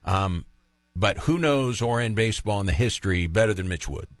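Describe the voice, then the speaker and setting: Sports radio host, man, low voice, dry studio sound, chatty and opinionated. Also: animated, normal speed, dry recording. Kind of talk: casual sports radio talk.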